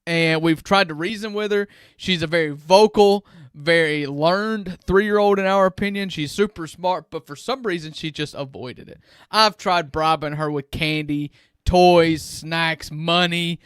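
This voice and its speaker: A man, co-hosting a sports podcast and telling stories in an animated way with frequent chuckles. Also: on the high side, unhurried, smooth, dry recording, clean studio sound. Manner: animated storyteller, chuckles often. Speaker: sports show co-host. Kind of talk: casual podcast chat.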